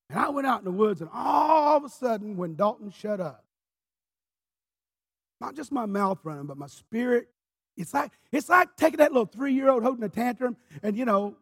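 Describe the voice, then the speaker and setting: A pastor preaching a sermon in church, telling his story with passion, dropping low and then rising to shouts. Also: creaky, husky. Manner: impassioned storyteller, swinging from quiet to shouting.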